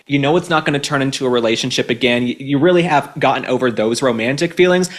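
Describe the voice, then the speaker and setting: A man's voice: a little high, fairly bright tone. A man in his twenties hosting an opinionated commentary and advice show, sarcastic and emphatic, repeating his points. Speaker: host.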